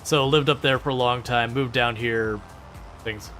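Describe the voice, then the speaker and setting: Bright-voiced chatty man streaming games. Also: mid-range voice, fairly even intonation, unhurried, soft background music. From Michigan, United States. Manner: chatty, joking, laughs often, many restarts. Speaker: gaming streamer. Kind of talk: casual live-stream chat with viewers.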